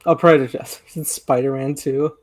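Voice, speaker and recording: Male podcast host, mid-pitched, easygoing, jokey, casual profanity. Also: steady tone, measured pace, a little mellow. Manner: laid-back, jokey, swears freely. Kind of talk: casual chat.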